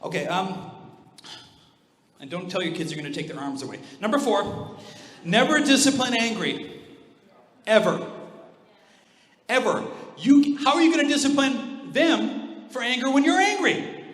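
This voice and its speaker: A man's voice: very high-pitched, big pitch swings, measured pace, long pauses, fairly bright tone. A man pastor preaching a sermon in a church, direct and emphatic with a joking streak. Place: church auditorium. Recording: echoey hall reverb.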